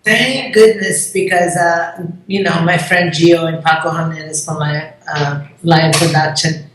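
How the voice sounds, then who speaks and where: A Brazilian woman, a contest promoter, appears as an interview guest, chatting effusively and acting out what people said. Her low voice is steady and unhurried, recorded in a very echoey room with slight background noise.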